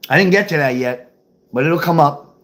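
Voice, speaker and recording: A man's voice: fairly high pitch, moderate pace, fairly bright tone. An older man reading his own memoir aloud and chatting with viewers, swearing freely and laughing at his own stories.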